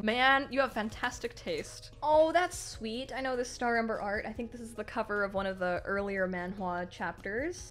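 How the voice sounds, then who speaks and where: A young woman gushing with excitement as she unboxes merchandise, squealing and thanking the sender. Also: mid-range voice.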